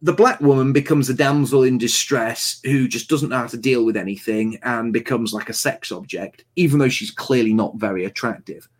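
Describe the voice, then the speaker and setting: A man hosting a casual film review chat, blunt and mocking, talking in animated bursts. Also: mid-range voice, moderate pace, hardly any pauses. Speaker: host.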